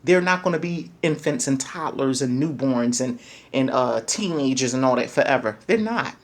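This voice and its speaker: A middle-aged woman with a very deep, expressive voice speaks at normal speed, sharing her parenting views. Her passionate monologue is emphatic and preachy; she repeats lines for effect and calls listeners "baby".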